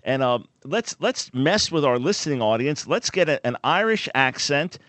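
A man with a New York accent hosting a radio talk show, energetic as he introduces callers and plugs websites. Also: on the high side, moderate pace, no room sound.

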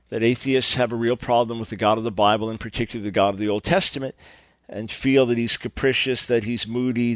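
A man's voice: mid-range voice, no room sound. A middle-aged man preaching earnestly, stressing points with repeated emphatic phrases. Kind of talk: sermon-style radio teaching.

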